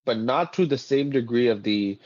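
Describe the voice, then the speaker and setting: A man's voice: medium pitch, animated, normal speed, a little mellow. Dry, stat-reciting male podcast co-host. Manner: rattles off stats, dry sarcasm. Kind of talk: casual sports chat. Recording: dull lo-fi podcast audio.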